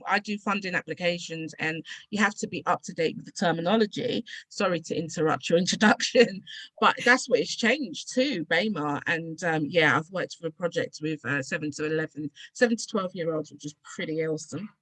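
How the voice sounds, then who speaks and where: This is a woman who writes and publishes books, speaking as a guest on a podcast. She is playful and lively and laughs often as she talks. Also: on the low side, brisk, no echo. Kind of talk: casual interview chat.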